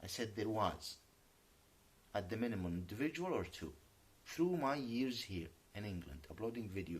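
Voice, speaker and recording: A native Arabic speaker, a man, rants into the camera with an indignant edge. His pitch leaps and dips widely as he swears to his honesty. He slips between English and Arabic phrases. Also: animated, moderate pace, husky. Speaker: YouTuber. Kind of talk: unscripted vlog rant.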